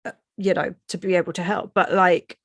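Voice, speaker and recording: A woman's voice: lowish voice, fairly even intonation, fairly quick, gravelly, breathy edge, no echo, studio quality. A woman from Lincolnshire, a guest film writer, talking in a hesitant way full of fillers. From Lincolnshire, England. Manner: hesitant, many fillers, laughs often. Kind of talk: casual film discussion.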